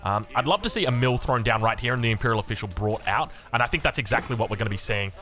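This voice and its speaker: An Australian man casting a strategy game, rambling excitably into anecdotes with lots of restarts. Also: mid-range voice, fast. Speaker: game caster.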